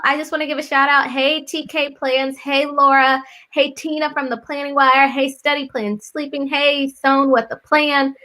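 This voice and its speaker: Bubbly woman host, bright voice. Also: high-pitched, flat delivery, moderate pace, hardly any pauses. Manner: bubbly, keeps saying "y'all". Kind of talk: casual live-stream chat.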